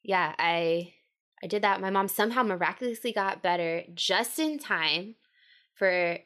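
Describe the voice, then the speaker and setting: A young woman in her twenties, a podcast co-host, telling her story in a casual, slangy, animated way and acting out the voices she quotes. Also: medium pitch, unhurried.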